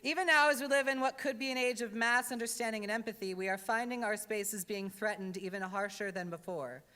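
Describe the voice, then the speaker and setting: Bright-voiced drag entertainer addressing a church. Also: female voice, medium pitch, fairly quick. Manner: wry, conversational, earnest with comic asides. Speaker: drag entertainer giving a talk in a worship service. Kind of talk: comic then earnest address. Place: church sanctuary. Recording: reverberant church hall.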